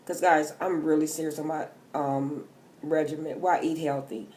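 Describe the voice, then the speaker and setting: A woman's voice: low voice, steady tone, normal speed, a little mellow. A middle-aged woman doing a tarot-reading vlog from home, joking and chatty, talking loosely and with profanity. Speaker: tarot reader. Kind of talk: casual vlog chat.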